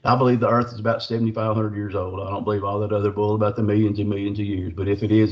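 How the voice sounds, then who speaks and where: A man's voice: on the low side, darkish tone, dull audio. A middle-aged man, telling a podcast host about a Bigfoot encounter in a folksy, rambling way with lots of fillers. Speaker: Bigfoot researcher, podcast guest. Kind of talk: storytelling an encounter.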